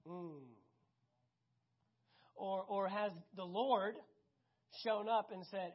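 A preacher in full sermon mode, stressing points by repeating them and dropping from loud to hushed. The voice is husky and mid-pitched. It comes through a dull, lo-fi recording. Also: drawn-out words, pauses often. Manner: animated, emphatic, repeats key phrases, swings between loud and hushed.

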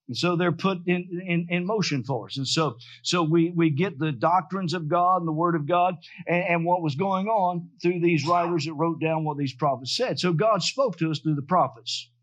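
Male pastor, high voice, fervent call-and-response sermon, slightly dull sound. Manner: preaching with rising fervor and call-and-response.

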